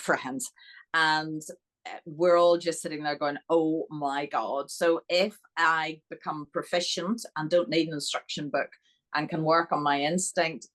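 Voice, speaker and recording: Northern Irish woman, low voice, animated podcast guest full of anecdotes. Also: measured pace, rough recording. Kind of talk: podcast interview storytelling.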